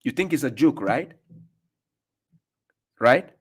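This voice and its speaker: A man's voice: medium pitch, expressive, slow, husky. A man giving combative commentary as an online preacher, mocking the clips he plays and firing off rhetorical questions. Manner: laughs in scorn.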